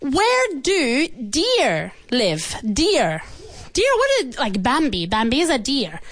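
Female radio host for a children's English lesson: high and bouncy, patient and encouraging, repeats words slowly, slips into Spanish to explain. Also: wildly swooping pitch, fairly bright tone, no echo. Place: school.

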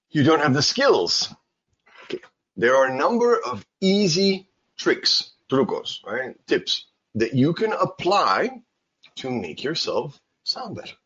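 Man, teacher, seminar talk, animated, husky, dull lo-fi recording. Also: mid-range voice. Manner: animated, emphatic, frequent checks like okay and right. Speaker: English teacher.

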